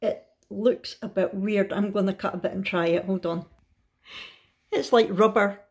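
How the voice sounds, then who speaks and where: A woman's voice: mid-range voice, moderate pace. A Scottish woman chatting casually in a home kitchen for a family vlog, laughing often and cooing at pets. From Scotland. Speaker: vlogger.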